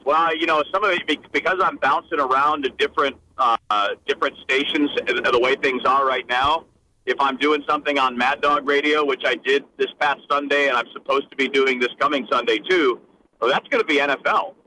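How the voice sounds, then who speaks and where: A male sports radio guest with a bright, forceful voice. He talks in a loose, conversational way, often restarting his sentences. His delivery suits a casual on-air interview. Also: medium pitch, brisk, a little hiss or hum, poor audio. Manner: conversational, many restarts and fillers.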